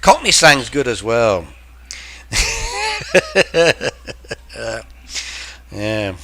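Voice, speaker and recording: A man with an English accent chats unhurriedly with his live-stream viewers. His voice is bright and forward, and he keeps breaking off to explain words and expressions, as a teacher would. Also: mid-range voice, lively intonation, measured pace. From England. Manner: chatty, explains slang to viewers. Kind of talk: casual live-stream chat.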